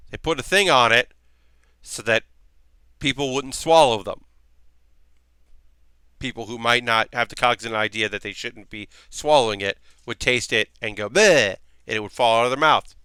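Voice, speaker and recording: A man's voice: a little high, sharp tone, smooth, dry recording. A man hosting a livestream, chatting loosely and profanely and answering comments from chat as he talks. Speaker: livestream host.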